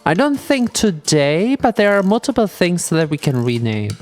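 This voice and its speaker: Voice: medium pitch, normal speed, faint music behind. A streamer chatting casually and playfully during a gameplay livestream. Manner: playful and animated, with silly meowing bits.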